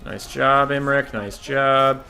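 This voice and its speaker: A man's voice: medium pitch, slow pace, vocal fry, bright, forceful tone. A young man commentating his own strategy game match, sarcastic and profane, sometimes breaking into outbursts at his units. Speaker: gamer streamer. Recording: faint game music behind.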